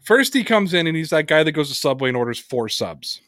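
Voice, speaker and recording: Profane, animated male podcast host. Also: fairly high pitch, a little fast, dry recording, studio quality. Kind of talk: casual sports podcast chat.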